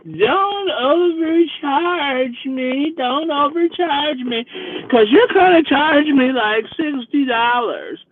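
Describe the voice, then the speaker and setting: Man doing a drunk young woman, slurred and drawn-out, high voice, dry phone-like sound. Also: animated, exaggerated voice. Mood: drunk, confused. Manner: slow, drawn-out, wavering delivery.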